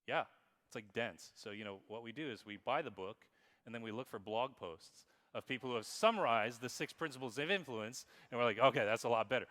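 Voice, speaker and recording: Guy doing a keynote in a big echoey hall, bright voice, joking with the crowd. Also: mid-range voice, lively intonation, fairly quick. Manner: playful, reads examples aloud in an exaggerated voice. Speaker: keynote speaker. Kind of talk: conference talk on marketing. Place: conference hall with audience. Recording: long hall reverb.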